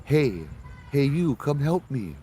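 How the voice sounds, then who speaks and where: A phantom little girl pleads for help over and over in a thin, high voice that repeats like a broken record, put on by a man telling the tale. Her call sounds far off in places, carried out of the dark. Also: big pitch swings, takes it slowly, slight background noise. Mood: pleading.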